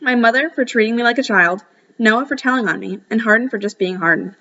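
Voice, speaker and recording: A woman's voice: fairly high pitch, fast, sharp tone, dull audio. A woman reading a first-person novel aloud, casual and breaking off now and then for asides. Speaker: audiobook reader.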